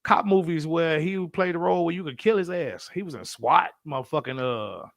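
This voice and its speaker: A man co-hosting a podcast in casual chat, telling animated, profane stories and acting out other people's voices. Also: fairly high pitch, brisk, creaky, dry recording, studio quality. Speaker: podcast co-host.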